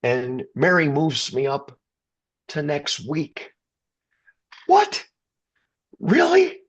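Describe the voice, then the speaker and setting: A man's voice: mid-range voice, steady tone, slow pace, a bit bright, muffled recording. A middle-aged man from the Chicago area, a rock singer, telling an emotional story in an interview, stumbling and restarting and getting choked up. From Chicago area, USA.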